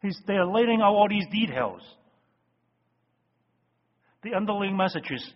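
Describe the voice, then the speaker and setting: A man preaching a sermon as pastor, emphatic, with loud stresses that drop to hushed phrases. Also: high voice, lively intonation, measured pace, pauses often. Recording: dull lo-fi sound with long hall reverb.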